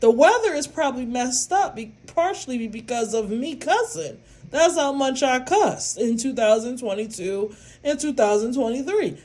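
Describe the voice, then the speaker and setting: A woman's voice: high voice, expressive, normal speed, a little mellow. A woman vlogger talking to her followers in a casual monologue, rambling and repeating herself with emphasis. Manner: rambling, repetitive and emphatic, with bursts of laughter.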